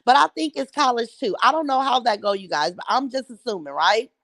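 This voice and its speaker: A woman's voice: fairly high pitch, expressive, fairly quick, fairly bright tone, no room sound. A middle-aged woman hosting a livestream, chatting casually with viewers and trash-talking bluntly. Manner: blunt, mocking trash talk. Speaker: livestream host. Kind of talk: casual chat reacting to live viewer comments.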